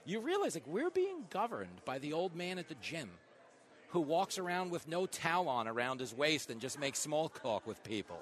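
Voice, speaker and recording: A man hosting a talk radio show live from an event, riffing through a comedic monologue with big swings in loudness. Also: fairly high pitch, huge pitch swings, some chatter behind. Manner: fast joking riffs, big swings in loudness.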